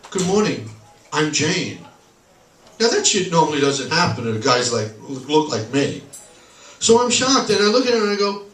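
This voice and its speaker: A man doing a sarcastic stand-up comedy set in a bar, telling deadpan punchlines. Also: a little high, a little hiss or hum. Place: bar stage, live room. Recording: echoey bar recorded from a distance.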